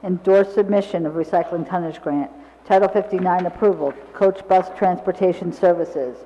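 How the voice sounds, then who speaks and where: A man, the village clerk, reading ordinance titles and calling the roll at a council meeting in a brisk, formal way. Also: high-pitched. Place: council chamber. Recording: dull recording in a large reverberant council chamber.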